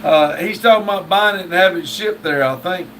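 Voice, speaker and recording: Speaking fairly quickly in a high-pitched, somewhat bright voice, a man hosting a live stream reads out viewers' messages and responds with dry humor. He's picked up by a distant mic, with faint noise in the background.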